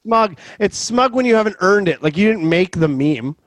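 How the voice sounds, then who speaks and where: A man's voice: sits high, expressive, normal speed, a bit bright, no echo. A man of forty hosting a podcast, riffing in rambling, profane casual chat. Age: 40s. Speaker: podcast host.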